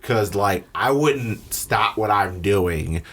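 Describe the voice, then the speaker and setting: A man co-hosting a podcast, talking in a relaxed, rambling way about showing love through actions. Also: fairly low pitch, slow pace. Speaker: podcast co-host. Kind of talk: casual chat.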